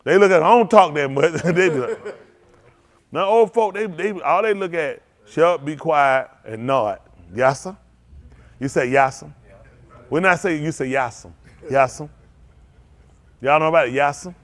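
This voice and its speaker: A male pastor telling stories from the pulpit, his voice swinging widely up and down. He sits a touch higher than most men and laughs easily, looping back over his own phrases as he acts out what others said. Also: moderate pace, pauses often. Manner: animated folksy storytelling with frequent laughter; repeats and restarts phrases, acts out quotes. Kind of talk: storytelling sermon.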